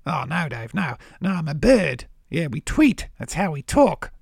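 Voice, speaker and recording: A man's voice: on the high side, sing-song, unhurried, vocal fry, husky, no echo, studio quality, voice pushed up, heavily acted. A man voicing a brash, jokey male crow with a put-on Australian accent in a children's podcast. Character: bright orange male crow with Australian bluster. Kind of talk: children's podcast puppet comedy.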